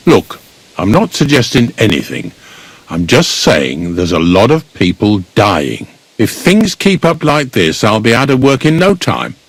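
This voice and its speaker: An actor playing a blunt, grumbling village gravedigger in a video game, speaking. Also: male voice, lowish voice, wildly swooping pitch, measured pace, husky, dry recording, exaggerated voice. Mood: gruff.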